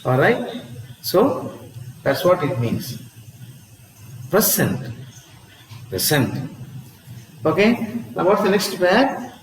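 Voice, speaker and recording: A man, teaching a lesson in a slow, repetitive way and often asking "see?" and "huh?". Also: high-pitched, big pitch swings, a little hiss or hum. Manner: slow, repeats each word, asks "see?" and "huh?". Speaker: English teacher. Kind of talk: classroom lesson. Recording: echoey room with long reverb.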